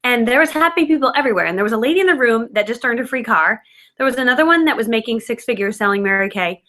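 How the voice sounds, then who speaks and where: A woman in her thirties tells her story in a loose, chatty way, full of "like" and "you know", poking fun at herself. Her voice sits a little high and sounds bright and forward. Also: lively intonation, quick pace. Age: 30s. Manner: chatty, filler-heavy, self-mocking. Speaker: guest speaker. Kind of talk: casual storytelling.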